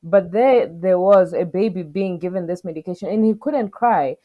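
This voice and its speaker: A woman's voice: fairly low pitch, moderate pace, narrow, tinny audio. A young woman and podcast co-host recounting a personal story in an earnest, emotional way, voicing the back-and-forth she had with staff. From southern Africa. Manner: emotional, earnest retelling with quoted exchanges.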